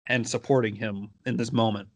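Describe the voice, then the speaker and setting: A man's voice: on the low side, steady tone, brisk. A man narrating as dungeon master of a tabletop game, laid-back and joking.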